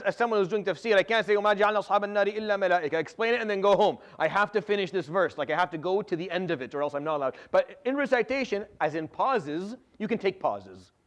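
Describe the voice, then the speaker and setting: Fast-talking animated man teaching scripture. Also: sits high. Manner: animated, repeats and restarts words, drops Arabic terms. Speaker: Quran teacher giving tafsir. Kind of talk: religious lesson.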